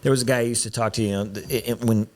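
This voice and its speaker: A man's voice: mid-range voice, steady tone, racing. A man hosting a podcast in casual chat, talking in a rambling way with frequent restarts, on a studio mic with headphones. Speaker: podcast host.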